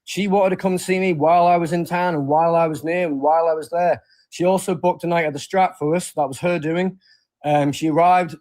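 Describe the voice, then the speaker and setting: A man's voice: a little high, steady tone, fairly quick, a little mellow, rough recording. A man in a casual group call, telling his side of events in a heated, defensive way. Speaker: livestream participant.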